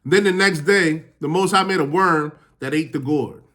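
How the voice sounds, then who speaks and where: A Bible teacher reads verses aloud and then retells them in casual, slangy street talk, keeping his scripture teaching informal. He speaks at normal speed in a slightly bright voice on the high side.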